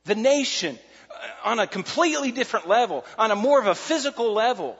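A man preaching a sermon as pastor, animated and repeating key phrases for emphasis. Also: high-pitched, fairly quick, breathy edge. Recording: muffled sound in a large reverberant hall.

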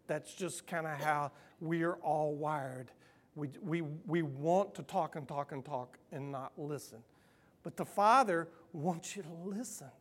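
An earnest male pastor delivering a sermon in a personal, conversational way. He pushes some phrases out loudly, then drops to a hushed near-whisper for the tender parts. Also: fairly high pitch.

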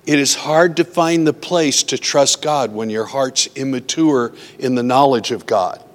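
Speaking a little slowly in a mid-range voice, a man preaches conversationally, his words ringing with long hall reverb. He's earnest, recounting personal stories and quoting his own worried thoughts as though acting out an inner voice.

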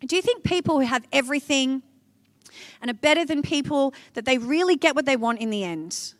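Woman preacher, high voice, animated and conversational, dry close sound. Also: fairly quick, no echo. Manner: animated, conversational, addresses listeners directly. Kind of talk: devotional teaching talk.

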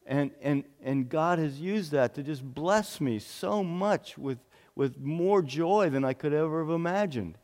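A man's voice: fairly high pitch, measured pace, few pauses, darkish tone. A male pastor giving an earnest sermon, often repeating phrases for emphasis. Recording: long hall reverb.

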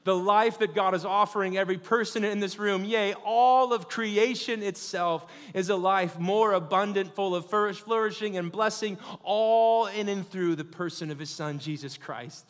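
A man's voice: sits high, normal speed, few pauses, long reverb tail. A man in his thirties preaching a sermon, calling out to the congregation and building to fervent peaks. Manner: call-and-response, rising to fervent shouting.

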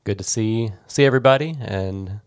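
A man on a church podcast speaks in an earnest, easygoing way. His voice sits low and has a gravelly rasp, recorded close and dry. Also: moderate pace, no echo. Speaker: church staff member. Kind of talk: casual church podcast chat. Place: church office studio.

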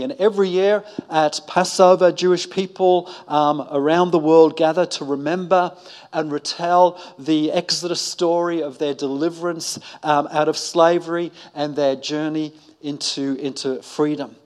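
A male pastor delivers a sermon in a church service. His voice sits a little high, and his delivery is halting, full of ums and false starts. He drops in light joking remarks aimed at people in the pews. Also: fairly even intonation. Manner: hesitant, many ums and restarts, joking asides with the congregation. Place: church service before a congregation.

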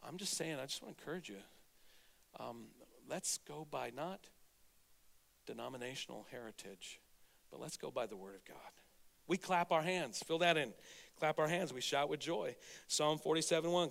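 A man preaching a sermon as pastor, getting over a cold, energetic and exhorting, swinging from loud to hushed. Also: fairly high pitch, normal speed, gravelly, long pauses, long reverb tail. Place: church sanctuary.

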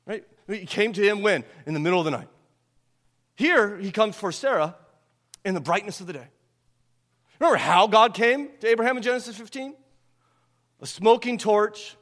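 A man preaching a sermon who asks his congregation rhetorical questions, swinging between loud emphasis and hushed, quiet passages. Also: sits high. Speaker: pastor. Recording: long hall reverb.

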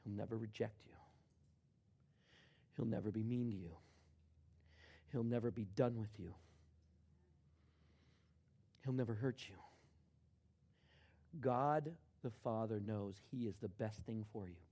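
A middle-aged man preaching a sermon, dropping to a hush and then rising to loud, emphatic shouts. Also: on the low side, measured pace, long pauses. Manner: swings from hushed to shouting in acted quotes. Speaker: pastor.

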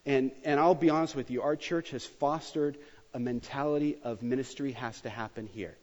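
Animated preaching man in a reverberant church. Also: medium pitch, normal speed. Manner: animated, joking, emphatic preaching. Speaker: pastor. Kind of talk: sermon. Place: church sanctuary. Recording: dull sound with long hall reverb.

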